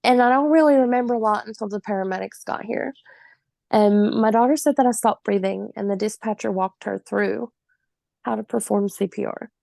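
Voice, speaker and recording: Her mid-range, mellow voice has a fried, gravelly quality as this forties-aged podcast guest recounts her personal story at a fairly quick clip. She tells it with vivid emphasis and an occasional laugh, captured in a dry, close recording free of room sound.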